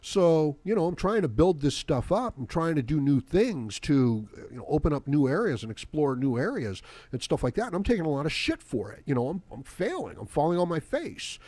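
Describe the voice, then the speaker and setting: A man's voice: on the high side, very animated, brisk, few pauses, a little mellow, dry recording. A man hosting his own podcast in a rambling, profane solo monologue that is full of fillers. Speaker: podcast host.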